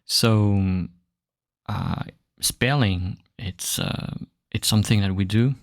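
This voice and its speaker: A French-accented man teaches on his podcast in a slow, gravelly, fairly low voice. He explains patiently and stretches out the letters as he spells. The sound is dry and close. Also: dry recording. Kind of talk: relaxed podcast lesson.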